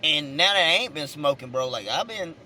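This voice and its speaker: Bright-voiced Southern man telling stories. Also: a little high, expressive, fairly quick, a little hiss or hum. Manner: rambling, repeats words, chuckles between points. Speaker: vlogger and minister. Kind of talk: casual storytelling to camera. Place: inside a car.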